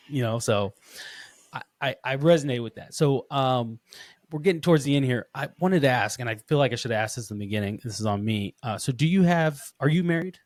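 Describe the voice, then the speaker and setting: A man's voice: mid-range voice, fast, no echo. Young guy hosting a podcast, rambles and restarts a lot, dead dry sound. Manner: rambling, animated storytelling with many restarts. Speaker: podcast host. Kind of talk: casual interview chat.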